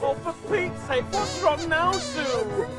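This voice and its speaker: A man's voice: very high-pitched, very animated, slow, gravelly, over loud music. A man hosting a comic children's puppet show, fussing and exasperated as he keeps giving in.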